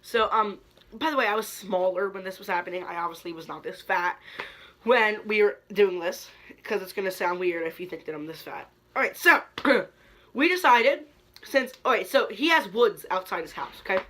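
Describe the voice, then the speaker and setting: Bright-voiced young man telling stories. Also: sits high, normal speed. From Kentucky. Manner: animated storytelling, many "like" fillers, dramatic quoted reactions. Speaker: YouTube host. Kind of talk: story time vlog.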